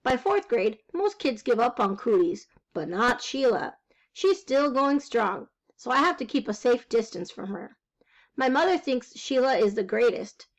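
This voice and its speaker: A woman reading a children's book aloud, telling it in a lively, wry first-person voice. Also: on the high side, unhurried, highs cut off. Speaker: reader. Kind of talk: storybook read-aloud.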